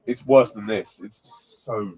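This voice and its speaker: A man's voice: fairly low pitch, a little slow, a little mellow, husky, rough recording. A man casually commentating on a film, blunt and scornful in his judgments.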